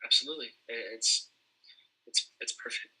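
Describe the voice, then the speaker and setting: A man co-hosting a sports podcast in casual chat, hesitant with many fillers and restarts, breaking into excited bursts. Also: medium pitch, normal speed, slightly rough, poor audio. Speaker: podcast co-host.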